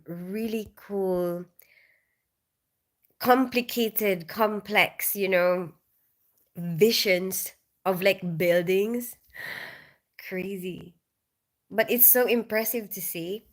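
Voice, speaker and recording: Friendly woman in her thirties chatting on a livestream. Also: medium pitch. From Philippines. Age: 30s. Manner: friendly, greets viewers by name, soft laughs. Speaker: livestream host. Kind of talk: casual livestream chat reading comments.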